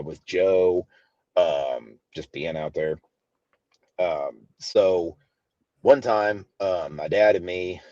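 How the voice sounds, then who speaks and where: A man's voice: sits low, mellow, no room sound, lo-fi sound. A man from Southern Illinois with a local accent, telling stories casually as a podcast guest, rambling with many fillers. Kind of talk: casual storytelling.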